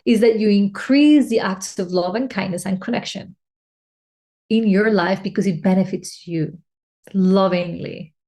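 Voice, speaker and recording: This life coach's voice is mid-range and dark in tone, her pace a little slow. Alone on her podcast, she reflects with heartfelt emotion on personal needs and connection, regularly restarting phrases.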